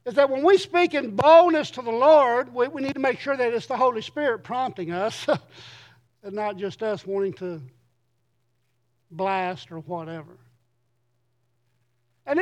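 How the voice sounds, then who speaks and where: A middle-aged man, a pastor, preaching a sermon in an earnest way and reading scripture slowly with emphasis. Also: very high-pitched.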